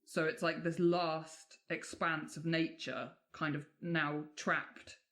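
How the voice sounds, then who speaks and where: A woman's voice: sits low, flat delivery, slow, fairly bright tone. A woman from England, a podcast co-host telling folklore tales in a chatty way with casual swearing and many fillers.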